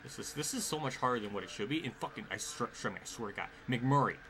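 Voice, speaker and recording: Male streamer, live racing gameplay, profane and exasperated, pitch jumps all over, room noise under the voice. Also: animated, fast talker. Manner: frustrated, profane, swearing often at the game; mutters and laughs under his breath. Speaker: streamer playing a racing game.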